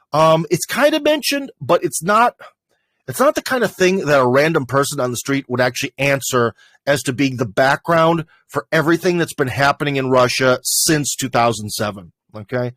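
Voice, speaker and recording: A man's voice: mid-range voice, fairly bright tone, no echo. A man with an American accent hosting a livestream, talking casually through a list of questions with many fillers and restarts. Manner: rambling, conversational, lots of fillers and restarts. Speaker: livestream host.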